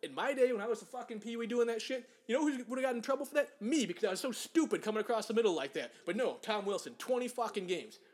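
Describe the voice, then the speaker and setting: High-voiced man ranting angrily. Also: expressive, fast talker, hardly any pauses. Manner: angry, profane ranting, mocking put-on voices. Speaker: podcast co-host. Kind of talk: casual chat, profane sports rant.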